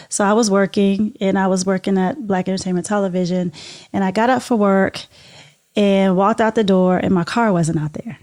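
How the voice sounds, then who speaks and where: A woman's voice: medium pitch, a little mellow. A middle-aged woman, a podcast co-host, telling a personal story in an interview in an earnest, heartfelt, reflective way.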